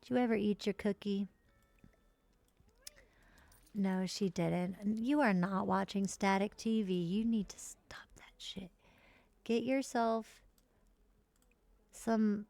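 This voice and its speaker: A woman streaming live gameplay, chatting casually and cursing freely while voicing her characters in quick high asides. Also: fairly even intonation, creaky, dark tone, no room sound. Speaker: streamer playing a life-simulation game.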